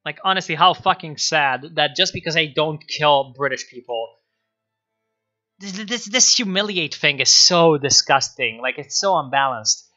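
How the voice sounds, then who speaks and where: A man streaming a strategy game, excitable, swearing and laughing as he comments on his moves. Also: a little high, a little slow, muffled recording, soft background music.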